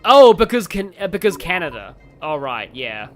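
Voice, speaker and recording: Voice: mid-range voice, very animated, normal speed, soft background music. A streamer giving casual, rambling let's play commentary, reading chat aloud with lots of fillers. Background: game audio.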